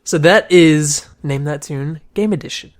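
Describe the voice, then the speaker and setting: A playful man with a fairly high voice, hosting a casual podcast. He jokes around and keeps the conversation moving. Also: measured pace. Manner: playful, laughs often. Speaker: podcast host. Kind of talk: casual chat.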